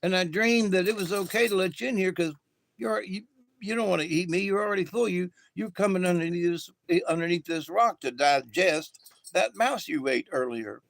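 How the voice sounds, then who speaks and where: A man voicing a calm, knowing lizard in a fable, explaining things patiently. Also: sits high, moderate pace, vocal fry, no room sound.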